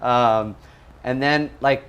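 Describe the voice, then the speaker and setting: A man's voice: mid-range voice, slow pace, fairly bright tone, clear, resonant tone. Casual pro surfer guest, male, Hawaiian upbringing, rambling anecdotes with acted-out quotes. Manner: laid-back, lots of "like" and "you know"; acts out voices in his stories. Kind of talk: casual storytelling.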